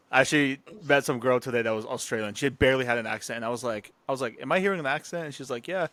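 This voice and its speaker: A man's voice: mid-range voice, steady tone, quick pace, fairly bright tone, no room sound. A man co-hosting a casual sports podcast, joking around, laughing often and groping for player names. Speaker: podcast co-host.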